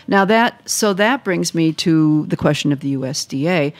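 A woman's voice: deep voice, expressive, normal speed. A woman hosting an interview, asking chatty, enthusiastic questions. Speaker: host. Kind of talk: radio interview.

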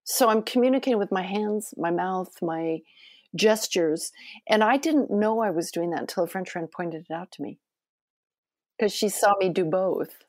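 A woman cookbook author and cooking teacher, talking in an expressive, enthusiastic way in a podcast interview. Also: medium pitch, moderate pace, no echo, clean studio sound. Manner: chatty, expressive, enthusiastic storytelling.

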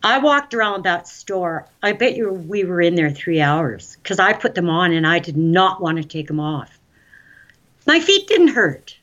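A woman guest telling her own story in a casual interview, chatty and excitable, recorded on dull lo-fi audio. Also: lowish voice, normal speed.

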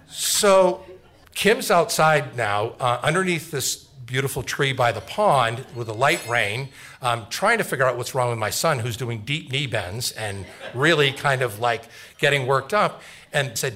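A middle-aged man telling a personal story live on stage, animated and acting out the voices of family members. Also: medium pitch, normal speed.

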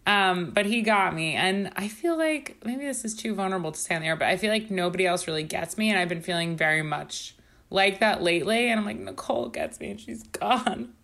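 A woman's voice: mid-range voice, animated, a little fast, a bit bright. A woman co-hosting a podcast in casual chat, joking about herself and speaking candidly. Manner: joking, self-deprecating and candid. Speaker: podcast co-host.

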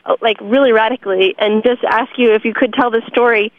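A woman's voice: a little high, fairly even intonation, fairly quick, no room sound. Woman host on a tinny phone line. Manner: thoughtful, with many fillers. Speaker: radio host. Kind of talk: interview.

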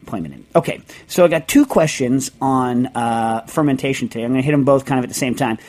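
A man's voice: medium pitch, quick pace, a little mellow. A man hosting a casual food radio show, rambling with many restarts and reading listener letters aloud. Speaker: podcast host.

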